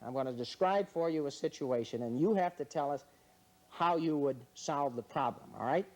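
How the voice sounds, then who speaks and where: Speaking at a moderate pace in a slightly high, somewhat mellow voice, a game show host runs a comedic quiz in front of a crowd. His humor comes through dry, mock-serious jabs at the contestants.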